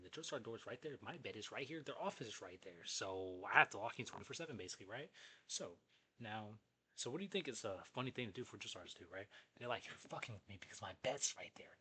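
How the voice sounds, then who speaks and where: A young man telling a story in a casual, animated, profane way, jumping between asides. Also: on the low side, slight background noise. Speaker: vlogger.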